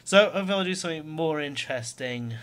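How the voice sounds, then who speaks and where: A man's voice: on the high side, animated, quick pace, a bit bright, slight background noise. A man with a Scottish accent talking casually in a diary vlog, rambling with lots of fillers and swearing, mocking himself. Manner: self-mocking with chuckles. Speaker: vlogger.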